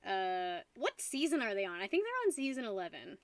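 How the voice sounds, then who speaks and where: A woman's voice: medium pitch, wildly swooping pitch, brisk, dry recording. A young woman streaming casually, tipsy from wine, rambling and giggling while talking to her dog. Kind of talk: casual live-stream chat.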